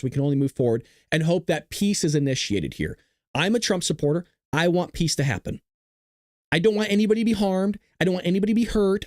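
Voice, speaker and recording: A man hosting a live-streamed political news show, excitable and joking, arguing straight back at his chat. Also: fairly high pitch, dry recording, clean studio sound. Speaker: livestream news host.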